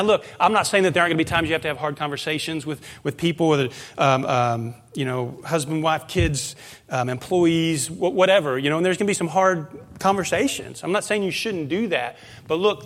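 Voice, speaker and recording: A male pastor preaching a conversational sermon, moving into animated storytelling. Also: a little high, brisk.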